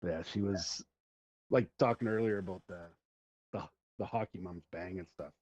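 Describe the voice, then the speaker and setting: This podcast host's voice sits low, with a darkish tone and a moderate pace. The middle-aged Canadian from Central Alberta rambles through long stories in casual conversation, laughing along, on a dull lo-fi recording.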